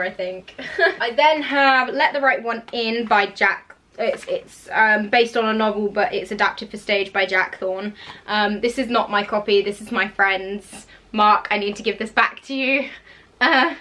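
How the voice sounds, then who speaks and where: A woman's voice: mid-range voice, sharp tone. A young woman, chatting enthusiastically about her book collection, laughing and tripping over names. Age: young adult. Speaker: actor vlogger. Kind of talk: casual chat.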